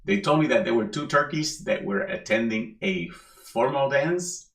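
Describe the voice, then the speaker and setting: A middle-aged man giving a sermon as a minister, relaxed and joking, repeating key phrases for emphasis. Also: mid-range voice, moderate pace, hardly any pauses. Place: church hall. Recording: echoey hall.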